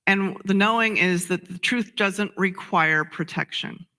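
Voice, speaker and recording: Woman minister, conversational sermon, very bright sharp tone, animated, acts out scenes, laughs often. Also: mid-range voice, measured pace.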